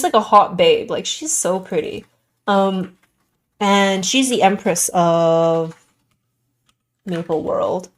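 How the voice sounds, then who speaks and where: A young adult woman streaming a game and chatting casually, rambling with lots of "like" in a Valley Girl-ish way. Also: medium pitch. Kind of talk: casual gaming stream chat.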